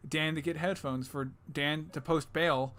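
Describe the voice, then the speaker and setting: A man's voice: a little high, steady tone, unhurried, a bit bright. A young man co-hosting a podcast in loose, jokey casual chat, swearing freely and slipping into silly voices. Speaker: podcast co-host.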